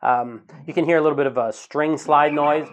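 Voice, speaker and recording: A man teaching a guitar strumming lesson in a relaxed, casual way, counting the beats slowly aloud. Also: on the high side, a little hiss or hum. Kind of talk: casual instructional talk. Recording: guitar playing in the background.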